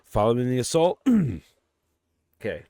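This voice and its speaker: A middle-aged man co-hosting a podcast, retelling a movie plot in an animated, profane way. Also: mid-range voice, normal speed, clear, resonant tone, no echo, clean studio sound. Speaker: podcast co-host. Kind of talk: casual movie discussion.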